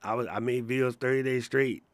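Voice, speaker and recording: A man co-hosting a podcast in casual chat, animated and joking, slipping into quick impressions. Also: mid-range voice, dry recording. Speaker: podcast co-host.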